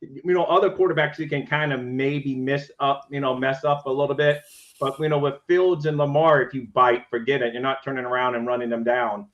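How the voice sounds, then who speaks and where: A man's voice: medium pitch, steady tone, fairly quick, a bit bright, dull audio. A man co-hosting a casual sports talk show in an easygoing, agreeable way, with many "you know" fillers. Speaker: podcast co-host.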